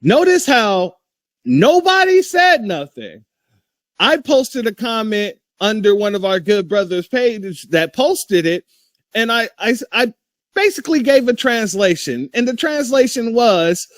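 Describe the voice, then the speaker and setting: High-voiced host, rhetorical and animated. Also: male voice, measured pace, dry recording, clean studio sound. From United States. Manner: animated, rhetorical, asks questions and waits. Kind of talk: casual opinion talk.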